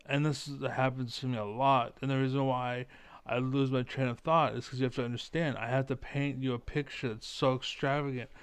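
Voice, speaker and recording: A man giving a rambling, profane political monologue, often losing his train of thought and doing mocking squeaky impressions. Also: level tone, a little fast, clean tone, dry recording.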